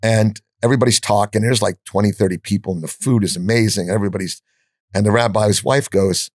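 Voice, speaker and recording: An older man in his sixties with a lowish voice tells lively anecdotes as a podcast guest, stumbling over restarts and swearing casually. The sound is dry and close on a studio mic. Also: quick pace, no echo. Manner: animated storyteller, frequent restarts and swearing. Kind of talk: anecdotal storytelling in an interview.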